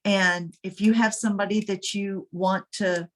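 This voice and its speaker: A woman's voice: medium pitch, steady tone, measured pace, a bit bright. Encouraging woman rallying her group. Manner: encouraging, with false starts. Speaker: group leader rallying members. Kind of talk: casual planning meeting.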